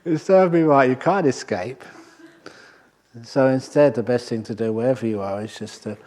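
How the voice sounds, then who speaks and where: Leading a meditation retreat, a male Buddhist monk gives a wry, humorous dharma talk built on stories, in an ordinary middle-pitched, slightly mellow voice. He moves through anecdotes at normal, easy speed, dropping in a filler now and then.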